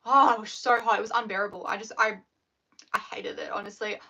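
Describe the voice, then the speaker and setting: A woman's voice: fairly high pitch, fairly even intonation, fast talker, sharp tone. A young Australian woman chatting casually on a live stream, rambling with lots of fillers. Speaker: scrunchie maker live-streaming. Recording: dull lo-fi livestream audio.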